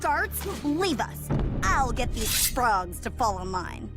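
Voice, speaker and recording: A bold, high-voiced teen girl. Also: very animated, takes it slowly. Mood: commanding. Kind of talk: animated series dialogue. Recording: clip with loud music behind.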